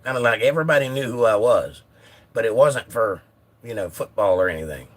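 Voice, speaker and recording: A man hosting a casual live stream who is a little hoarse, reading viewer comments aloud in a laid-back way. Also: mid-range voice, a little fast. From United States. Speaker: livestream host reading chat.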